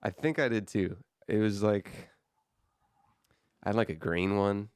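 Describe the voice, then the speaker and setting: A man's voice: fairly low pitch, unhurried, clear, resonant tone, no echo, clean studio sound. A young man in his twenties co-hosting a podcast, rambling in a laid-back way with lots of "dude" and "like". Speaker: podcast co-host. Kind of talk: casual chat.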